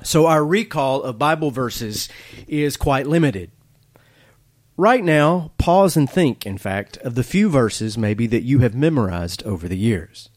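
A man preaching a sermon as pastor, telling stories, asking the listener questions and pausing for effect. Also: mid-range voice, expressive, no room sound, clean studio sound. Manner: storytelling with dramatic pauses and rhetorical questions. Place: church, filmed for online streaming. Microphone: camera setup.

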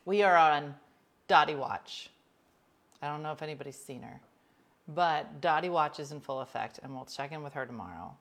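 A woman hosting a livestream, chatting casually and bluntly with viewers, calling them by name and swinging between loud outbursts and hushed asides. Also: sits low, animated, moderate pace, pauses often, a little hiss or hum. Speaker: livestream host reading viewer comments.

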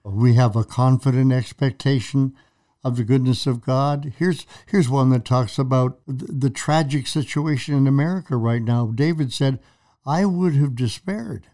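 This male co-host of a faith program gives conversational Bible teaching, recounting scripture stories and performing quoted lines dramatically. He speaks at a moderate pace in a dark, mid-range voice with fairly even intonation.

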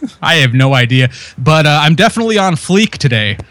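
Bright dry-voiced man on a video call. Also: on the high side, very animated, a little fast, no echo. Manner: wry, laughing. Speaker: guest calling in on a video call. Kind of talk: casual podcast chat.

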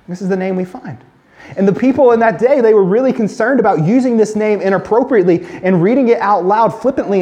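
Male pastor, high tenor, earnest sermon delivery with emphatic swells. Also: darkish tone. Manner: earnest, emphatic, slows and drops low when quoting God.

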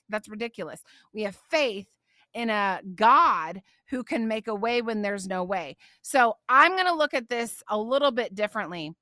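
Emphatic bright-voiced woman podcast host. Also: fairly high pitch, no room sound, clean studio sound. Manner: emphatic and passionate, getting on a soapbox. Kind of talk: faith podcast Q&A, preaching and reading scripture.

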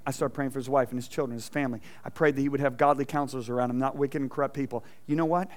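A middle-aged man preaching a sermon in a church, telling a personal story with animated asides and questions to the congregation. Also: mid-range voice, rapid-fire. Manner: animated storytelling, acting out quotes, asking the audience questions. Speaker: pastor. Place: church sanctuary.

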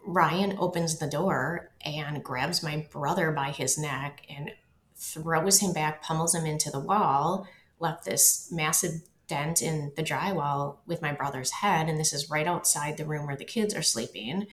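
A woman with a low voice recounts her own story as a guest, often stumbling and repeating words. Her voice carries a roomy echo. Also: measured pace, fairly bright tone, a little hiss or hum. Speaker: interview guest. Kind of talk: personal storytelling.

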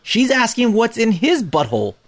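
A man's voice: very high voice, wildly swooping pitch, moderate pace. A man co-hosting a casual podcast, blunt and impatient, keeps pushing the show along. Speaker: podcast co-host.

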